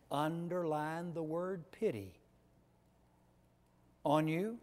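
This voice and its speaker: A man preaching a sermon with slow, emphatic delivery, swinging between loud stressed words and soft low drops. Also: lively intonation. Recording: long echo of a large hall.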